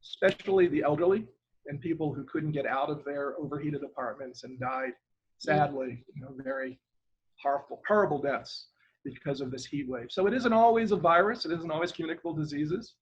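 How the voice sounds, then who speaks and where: A man's voice: a little high, brisk, dull audio, slight background noise. An older man from Ireland, a retired government lawyer, talking as a guest over a video call in a rambling, hesitant way and spelling out names letter by letter.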